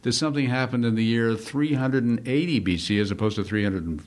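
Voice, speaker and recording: A man from Saskatchewan, Canada, a broadcaster who is a guest in an interview, talking in an unhurried, comforting conversational way. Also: mid-range voice. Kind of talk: casual interview chat.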